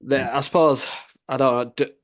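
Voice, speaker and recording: A man's voice: mid-range voice, fairly even intonation, moderate pace. A man co-hosting a podcast, chatting casually about sport and repeating "like I say" between restarts. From United Kingdom. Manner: leans on the filler "like I say", restarts often. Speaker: podcast co-host.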